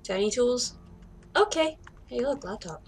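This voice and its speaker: A woman's voice: medium pitch, measured pace, gravelly, slight background noise. Playful, chatty woman gamer. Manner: playful, chatty, says "dude" and "like". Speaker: let's play gamer. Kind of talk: casual gameplay commentary.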